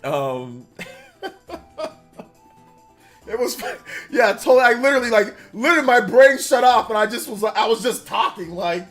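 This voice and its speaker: A man's voice: high-pitched, lively intonation, moderate pace, pauses often, a bit bright, soft background music. A man streamer chatting casually on a live reaction stream, rambling, laughing and reading donation messages aloud. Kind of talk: casual livestream reaction chat.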